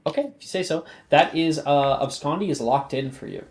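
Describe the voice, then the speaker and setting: Laid-back chuckling game master. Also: male voice, fairly high pitch, a little fast, a little hiss or hum. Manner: relaxed, chuckling, meandering. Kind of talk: running a tabletop game online.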